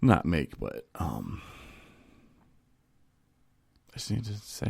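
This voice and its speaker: A man with a deep, gravelly voice chats casually on a podcast. He talks in a rambling way and laughs as he tells his stories. The sound is close and dry. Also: big pitch swings, slow pace, darkish tone, dry recording. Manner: rambling, laughing storyteller acting out phone calls. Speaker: podcast co-host. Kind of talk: casual chat.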